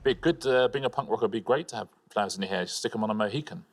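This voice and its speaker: A man co-hosting a TV quiz show, briskly explaining the round and adding facts. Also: lowish voice. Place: TV studio.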